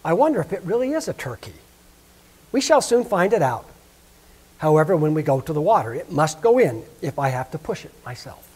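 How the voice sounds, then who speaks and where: A man's voice: a little high, sing-song, fairly quick, a little mellow, husky. A man voicing a fussy, proud mother duck who scolds and frets in a raised voice. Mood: fussing.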